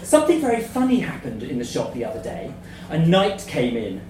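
A man's voice: fairly high pitch, wildly swooping pitch, brisk, a little mellow, slight background noise. A man reading comic letters aloud, playful and often laughing as he reads. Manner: playful, laughing through the lines. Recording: echoey room from far off.

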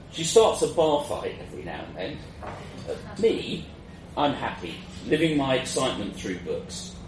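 A man narrating a first-person fantasy story in a wry, self-mocking way, in a roomy, distant, noisy recording. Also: medium pitch.

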